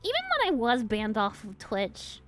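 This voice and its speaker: A woman's voice: on the high side, sing-song, moderate pace, background noise. A woman streamer in casual chat, giggly, playful and rambling.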